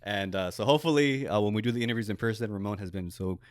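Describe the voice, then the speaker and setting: A young man hosting a casual interview in a small office, animated and laughing often as he tells stories. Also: on the low side, fast, dry recording, studio quality. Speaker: podcast host.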